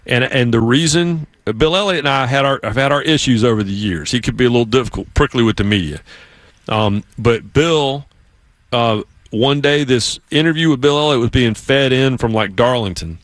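A man's voice: mid-range voice, moderate pace, no room sound. A man from South Carolina with a Southern accent, hosting a sports radio show and telling stories in casual chat. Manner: storytelling, lively put-on voices for others.

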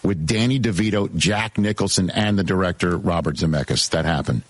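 Low husky male interviewer. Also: brisk. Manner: brief encouraging prompts and questions. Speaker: host.

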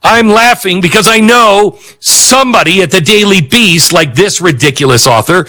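Male commentary host: brisk, bright tone, sardonic and animated delivery. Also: high voice. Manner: animated, sarcastic, chuckling. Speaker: political talk show host. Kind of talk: opinionated commentary.

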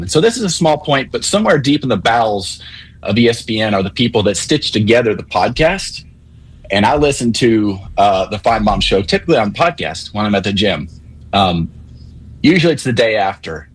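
Husky-voiced male radio caller. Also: on the low side, rough recording. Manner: measured, wry, digressive. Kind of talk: call-in to a radio show.

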